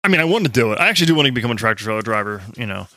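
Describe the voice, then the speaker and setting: Male co-host, bright tense voice, dry close sound, cursing and ranting loosely. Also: mid-range voice, very animated, rapid-fire, dry recording. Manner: profane, ranting, laughs often. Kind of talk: casual chat.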